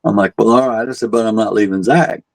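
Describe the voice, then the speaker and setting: Male tour guide, relaxed storyteller who voices the people in his tale; dry, close recording. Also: lowish voice, quick pace, gravelly, no room sound, poor audio. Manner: laid-back, animated when quoting people, chuckles at his own jokes. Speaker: haunted asylum tour guide. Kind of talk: casual storytelling.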